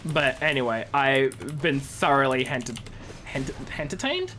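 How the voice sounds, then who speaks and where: A woman's voice: a bass voice, moderate pace, fairly bright tone, slight background noise. A young woman in her twenties, a streamer and law student, chatting animatedly and amused while she plays a game. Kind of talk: casual chat while gaming.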